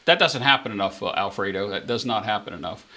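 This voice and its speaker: Running a live craps broadcast, a fast-talking man with a lowish voice narrates each roll chattily and speaks straight to his audience. He leaps up with excitement whenever the dice come to rest.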